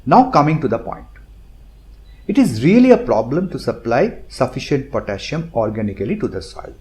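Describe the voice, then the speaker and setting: Man, Indian English accent, mellow tone, animated pitch; methodical instructional host. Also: normal speed. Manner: methodical, explanatory, lists points one by one. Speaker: gardening channel host. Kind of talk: instructional narration.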